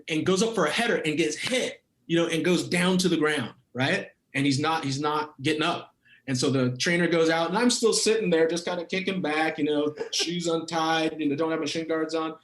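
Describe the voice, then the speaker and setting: A middle-aged man, a former pro footballer, telling a story as a podcast guest, animated and laughing often. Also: a little high, moderate pace. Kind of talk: casual storytelling. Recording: roomy echoey sound.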